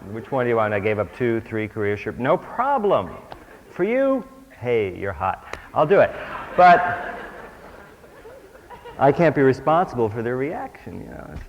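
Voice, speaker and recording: Man, spiritual teacher, wry and self-mocking, dull lo-fi tape with long hall reverb. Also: mid-range voice. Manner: joking, self-mocking asides. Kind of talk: humorous workshop talk. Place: stage before an audience. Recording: dull old recording, long hall reverb, faint hiss.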